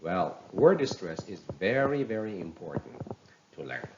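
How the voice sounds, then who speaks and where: A man teaching pronunciation in a recorded lesson, speaking slowly and deliberately and spelling words letter by letter. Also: sits low, big pitch swings, dull audio, background noise.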